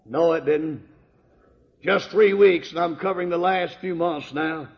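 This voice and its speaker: An older man giving a fervent sermon testimony, swinging from hushed tones to loud outbursts. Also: a little high, measured pace. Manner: impassioned, swings from hushed to shouting. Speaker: preacher giving his testimony. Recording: dull lo-fi recording in a reverberant hall.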